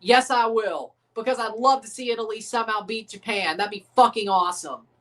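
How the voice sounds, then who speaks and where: Her voice a little high and a bit bright, a woman livestreams a sports watchalong, cracking profane jokes and being intentionally abrasive.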